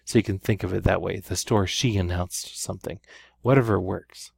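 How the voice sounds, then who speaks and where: A man's voice: deep voice, steady tone, normal speed, gravelly, a little mellow, slightly rough, no room sound, studio quality. A man teaching a Spanish grammar lesson, walking through exercises step by step and often checking in with "right?". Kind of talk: recorded classroom lesson.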